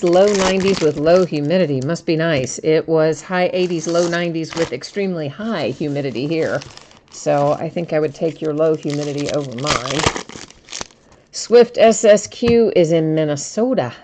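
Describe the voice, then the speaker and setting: A woman's voice: on the low side, background noise. A woman hosting a live card break stream, chatting casually with viewers, greeting them by name and laughing easily.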